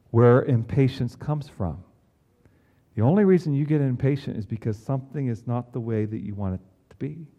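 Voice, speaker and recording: A man preaching a sermon in an earnest way, with emphatic rises and quiet low drops. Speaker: pastor.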